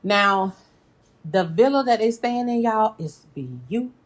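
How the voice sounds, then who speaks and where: A woman hosting a casual reaction recap, talking straight to her viewers, animated and laughing often. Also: mid-range voice, unhurried. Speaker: reality TV recap host.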